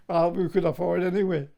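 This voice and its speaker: An older man from Scotland, a war veteran, has a high, creaky, somewhat mellow voice. Interviewed about his past, he tells stories with chuckles and a frequent "like, you know."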